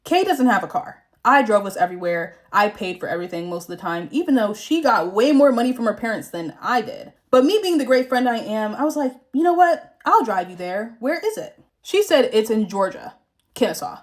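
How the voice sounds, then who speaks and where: A woman's voice: on the high side, lively intonation, brisk. A young woman from the Southern United States, chatting frankly and profanely while doing her makeup, telling a story about a fake friend. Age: young adult. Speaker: vlogger.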